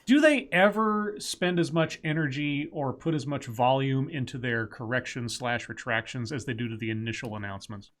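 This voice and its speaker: A man's voice: medium pitch, normal speed, few pauses, a bit bright. A man co-hosting a casual political talk stream, rambling and restarting as he reads and comments on the news.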